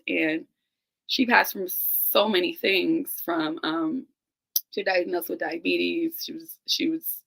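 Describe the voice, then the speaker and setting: A woman in her thirties speaks candidly as a guest on a live-stream call, earnest and close to tears. Her voice sits low and gravelly, with a bright, forceful edge. She talks straight to the listeners. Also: low-quality recording. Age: 30s. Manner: earnest, emotional, addresses listeners directly. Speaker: guest, teacher and business owner. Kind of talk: candid personal conversation. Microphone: remote live-stream call.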